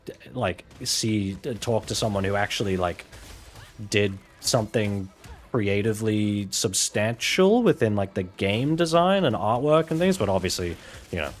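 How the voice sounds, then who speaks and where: Rambling man chatting over gameplay. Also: on the low side. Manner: rambling, filler-heavy, frank. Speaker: gaming channel host. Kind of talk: casual commentary while playing a game.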